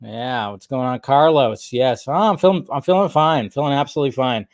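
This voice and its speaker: A man's voice: mid-range voice, fairly quick, no echo, studio quality. A young man hosting a casual live stream, chatting and greeting viewers by name, with a slight throaty cough. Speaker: livestream host. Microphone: desk microphone.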